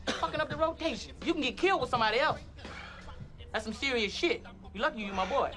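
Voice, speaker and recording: A brash stoner buddy. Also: male voice, very high voice, expressive, quick pace, music in the background. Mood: boastful. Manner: loud, brash street slang. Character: fast-talking young male stoner buddy, pushy.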